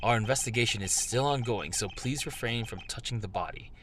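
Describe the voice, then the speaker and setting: A man voicing a cool, composed male genius prosecutor from a game, speaking in a calm, formal way. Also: medium pitch, fairly quick, noisy background, pitched below the performer's own voice, close to an everyday voice. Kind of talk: game dialogue read aloud.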